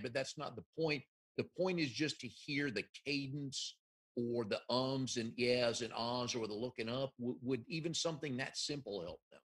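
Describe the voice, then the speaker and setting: A man's voice: mid-range voice, normal speed, fairly bright tone, husky. A man hosting an interview, talking casually about video and how people hear their own voices. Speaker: interview host. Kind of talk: interview conversation.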